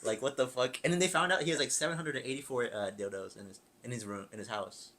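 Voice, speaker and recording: A young man co-hosting a podcast, talking in a relaxed, filler-heavy way and laughing often. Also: medium pitch, quick pace. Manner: laid-back, laughs often, trailing filler-heavy sentences. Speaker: podcast co-host. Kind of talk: casual chat.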